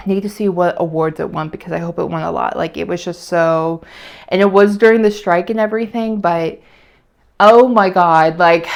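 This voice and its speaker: A young woman chatting casually in a weekly vlog, rambling and emotional, with many fillers. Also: lowish voice. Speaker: vlogger. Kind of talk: casual weekly catch-up chat.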